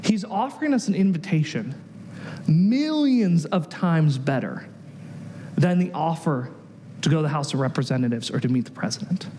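A man preaching a sermon as pastor, an animated storyteller who acts out the voices he quotes. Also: a little high, normal speed, long reverb tail, slight background noise.

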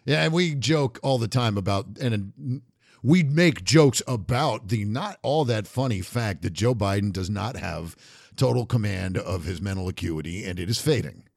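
A middle-aged man co-hosting a political talk podcast, joking and animated, slipping into mock voices. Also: lowish voice, moderate pace, creaky, no echo, studio quality. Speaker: podcast co-host. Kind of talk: casual political talk show banter.

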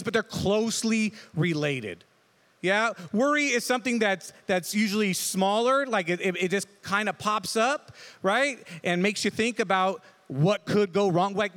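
A man's voice: high voice, a bit bright. A man preaching a conversational sermon as pastor, who talks casually and keeps checking in with the listeners by asking "right?". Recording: long hall reverb.

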